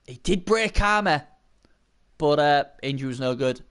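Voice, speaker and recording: A man giving casual, chatty live commentary on a video game match, bursting into shouts at big plays and swearing now and then. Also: on the high side, animated, normal speed, smooth.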